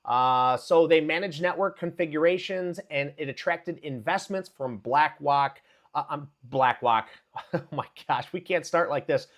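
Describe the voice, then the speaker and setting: A high-voiced man hosts a live market news stream. He talks in a hyped, chatty way and shouts out viewers by name between headlines. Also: moderate pace. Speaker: livestream market commentator.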